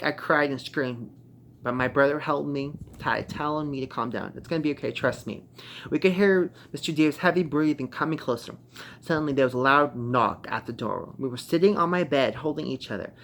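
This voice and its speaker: A young man reading a creepy internet horror story aloud, casual, with sweary excited asides and stumbling restarts. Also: fairly high pitch, moderate pace, slight background noise. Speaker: story narrator.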